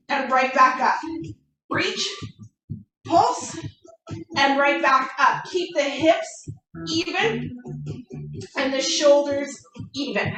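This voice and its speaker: Woman fitness coach, high voice, takes her time, echoey room a bit far from the mic. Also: bright, forceful tone. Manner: encouraging, counts down reps. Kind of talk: workout instruction.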